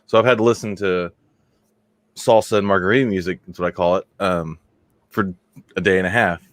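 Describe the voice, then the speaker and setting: A man's voice: low voice, fairly even intonation, fairly quick, no echo. A man co-hosting a casual podcast, telling long, crude, rambling stories and laughing at his own jokes. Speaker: podcast co-host.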